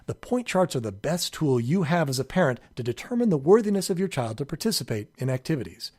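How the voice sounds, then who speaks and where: A man giving calm, earnest scripted narration for a parenting course, sometimes acting out a child's pleading questions. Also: no room sound, studio quality. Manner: calm, earnest, acts out children's pleas in a higher voice.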